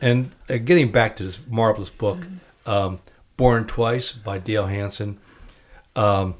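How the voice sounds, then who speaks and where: A man hosting a podcast interview in a relaxed, chatty way. He laughs easily and reads passages from a book aloud. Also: on the low side, unhurried. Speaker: podcast host.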